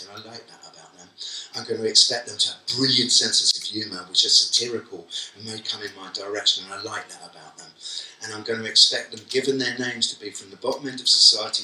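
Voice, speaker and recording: Bright-toned Cockney man keynote speaker. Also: on the low side, recorded from a distance, a little hiss or hum. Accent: London Cockney. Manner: humorous storyteller, acts out quotes. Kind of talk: conference keynote talk. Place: conference hall. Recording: echoey hall, voice from afar.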